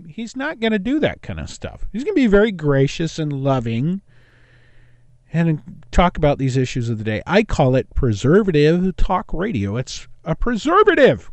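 A man's voice: on the high side, huge pitch swings, moderate pace, dry recording. A man from East Los Angeles hosting a call-in talk radio show, rambling and jumping between topics.

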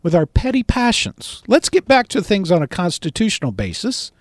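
A middle-aged man preaches a storytelling sermon in a bright, high voice that swoops up and down, speaking at normal speed. He tells the story with animated energy, booming out the quoted lines, and the sound is close and dry with no echo.

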